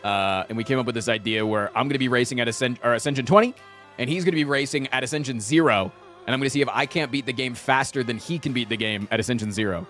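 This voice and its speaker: A man's voice: medium pitch, fast talker, fairly bright tone, soft background music. Joking, profane young streamer guy. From Virginia. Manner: jokey, profane, mock-indignant rants. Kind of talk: casual live-stream chat.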